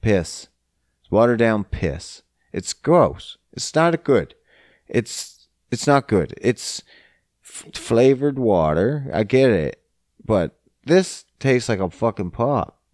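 A man's voice: mid-range voice, sing-song, takes it slowly, darkish tone, dry recording, clean studio sound. A man hosting a casual solo podcast, rambling and swearing constantly. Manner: profane, rambling, heavy swearing. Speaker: podcast host.

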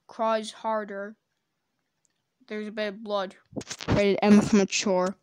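A woman doing comedic reaction commentary, sarcastic and swearing, breaking into loud silly voices. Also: medium pitch, flat delivery, takes it slowly, pauses often, background noise. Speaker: commentator reacting to fan drawings.

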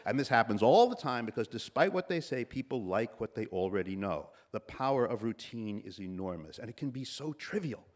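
Man in his sixties, slightly nasal, commencement speaker, pitch rising and falling a lot, storytelling. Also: fairly quick, hardly any pauses. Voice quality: a little nasal. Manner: lively storytelling, acting out quoted voices. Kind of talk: commencement address.

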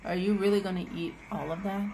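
A woman's voice: medium pitch, steady tone, fast, creaky. A woman filming a casual family home video, teasing and coaxing her child in a playful, chatty way.

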